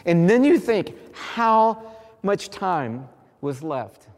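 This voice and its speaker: Pastor, male, higher register; storytelling sermon with repeated build-ups; long hall reverb. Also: big pitch swings, extremely slow, a little mellow. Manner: emphatic storytelling with repeated phrases.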